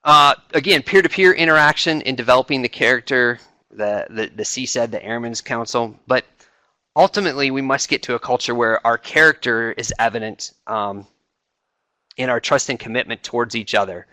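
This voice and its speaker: A middle-aged man talks to a webinar audience in a loose, conversational way, full of fillers and restarts. His voice is bright and forward at a middle pitch, recorded close and dry. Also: moderate pace, no room sound. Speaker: senior enlisted advisor speaking on a webinar. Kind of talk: informal talk to a webinar audience.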